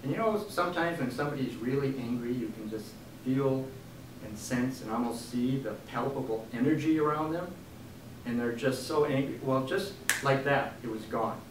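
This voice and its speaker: A man, an author giving a book reading, telling a story in an animated way and acting out the quotes. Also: medium pitch, normal speed, noisy background. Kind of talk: storytelling talk. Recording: echoey room from a distant mic.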